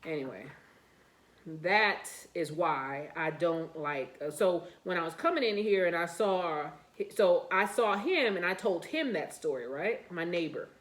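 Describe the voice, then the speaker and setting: A woman recounts a story in a casual, animated way. She repeats herself, stumbles over fillers and restarts, and her lowish voice rings in a room with clear echo. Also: unhurried. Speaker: channel host telling a story. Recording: echoey room.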